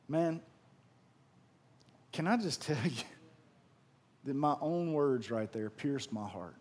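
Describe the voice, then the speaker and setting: A man preaching a sermon to his congregation, telling a story in a folksy, animated, conversational way with slangy phrasing. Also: on the high side, slow pace, pauses often. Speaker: pastor.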